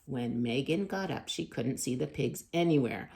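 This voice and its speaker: A woman hosting children's storytime, reading a picture book aloud with expressive loud calls and hushed asides. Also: extremely low pitch, normal speed, vocal fry, hardly any pauses.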